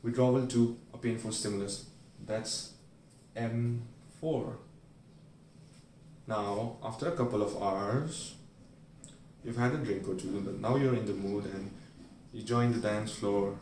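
Male medical tutor, lowish voice, playful storyteller, roomy room, mic set back. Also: steady tone, measured pace, pauses often, darkish tone, slight background noise. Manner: storytelling, playfully acting out everyday scenes. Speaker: medical educator. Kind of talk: explaining a memory aid with acted-out examples. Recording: roomy sound, recorded from a distance.

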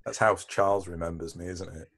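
A laid-back man joins a podcast as a guest, with dry humour. His voice is deep and husky, and the sound is close and dry. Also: fairly even intonation, a little fast, a bit bright, dry recording. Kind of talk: casual chat.

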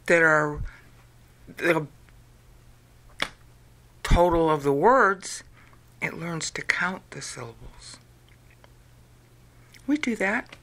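A woman from the United States talks viewers through an idea at a very slow, unhurried pace, stretching words out and counting things off aloud. Her voice sits low for a woman. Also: bright, forceful tone. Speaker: video lecturer. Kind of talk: explanatory talk.

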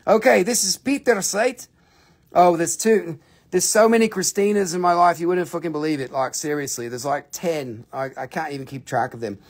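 A man with a slightly high voice hosts a live rock sale at a moderate pace. He keeps the sales stream casual and joking, cursing freely and slipping into playful put-on accents.

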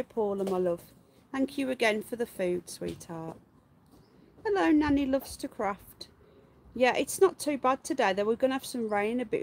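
A woman's voice: on the high side, creaky, slight background noise. A woman hosting a live stream from her garden, chatting casually, greeting viewers by name and calling out to her pets. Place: garden outdoors.

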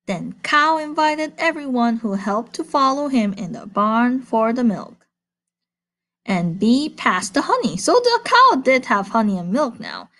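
Lady reading a kids' bedtime book, playful, pitch bouncing all over, kinda high. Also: unhurried. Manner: animated and playful, speaking to children. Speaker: children's book reader. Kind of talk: bedtime picture-book read-aloud.

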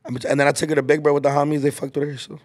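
A man's voice: on the high side, little pitch movement, rapid-fire, darkish tone. A man in his twenties hosting a casual chat, telling a rambling story full of slang and filler words. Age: 20s. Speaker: podcast host.

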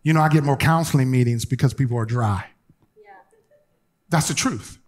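A male bishop preaches in a mid-range voice at ordinary speed. Through stories and colloquial asides, he moves between loud, lively stretches and quiet, hushed urging of those gathered.

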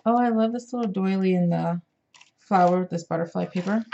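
Showing her craft supplies in a chatty show-and-tell vlog, this adult mother is tired and yawning yet enthusiastic, raving about every item and filling her speech with fillers. She sounds mid-range, brisk, gravelly and dark, with highs cut off and some background noise.

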